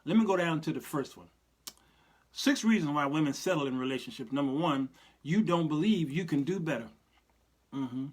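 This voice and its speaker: A man hosts his show in a loose, preacherly monologue. His voice sits a little high, and his delivery is folksy, full of asides and easy laughter. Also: expressive, moderate pace, pauses often. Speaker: show host. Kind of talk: casual live-show monologue.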